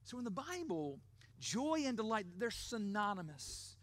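A middle-aged male pastor giving a sermon. He stresses key words, slows down to repeat them, and often checks in with "right?". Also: sits high, big pitch swings, fairly bright tone, dry recording. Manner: emphatic, repeats key words slowly, asks the crowd "right?".

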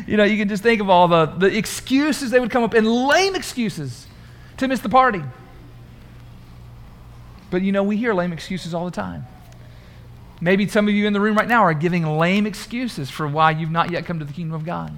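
Male preacher, high voice, chatty and animated, quizzing his congregation. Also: normal speed. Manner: conversational, animated, asks the congregation questions. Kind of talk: sermon. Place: church room.

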